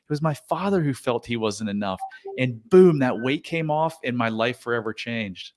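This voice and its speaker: A man's voice: mid-range voice, lively intonation, moderate pace, a little mellow. A man hosting a podcast, speaking in an earnest, enthusiastic way in casual conversation. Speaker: podcast host.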